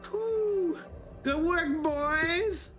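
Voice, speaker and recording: A game master voicing a boastful, swearing circus ringleader villain in a tabletop game, pitched up and loud. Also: very slow, full character voice. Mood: gloating. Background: music.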